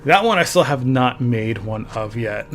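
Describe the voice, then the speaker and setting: A man talking through a game stream at an easy, conversational pace, reading chat messages and laughing along. His voice sits at an ordinary middle pitch. Faint music plays underneath. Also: lively intonation, moderate pace, fairly bright tone. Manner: chatty, reads chat aloud, laughs often. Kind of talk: casual gameplay commentary.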